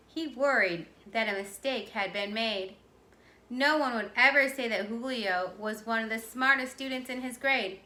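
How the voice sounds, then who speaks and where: A woman teacher reads a children's chapter book aloud, clear and expressive. Her voice is bright and sharp and sits a bit high. The room gives it a roomy echo. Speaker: teacher reading to her class.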